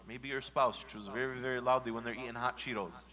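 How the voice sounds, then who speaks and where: A man delivers a Friday sermon in a mosque with a bright, forceful voice. He talks like a storyteller, going hushed and tender, then bursting into loud, mimicked scolding. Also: medium pitch, brisk, rough recording. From United States. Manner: animated, swings from hushed to shouting when acting out scolding. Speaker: preacher.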